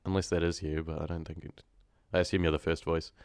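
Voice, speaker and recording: Deep-voiced New Zealand man chatting live. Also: flat delivery, fast talker, darkish tone, smooth, no echo, studio quality. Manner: chatty, laughing, slangy, talks to the chat. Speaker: horror story narrator live-streaming. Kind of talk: casual live-stream chat with viewers.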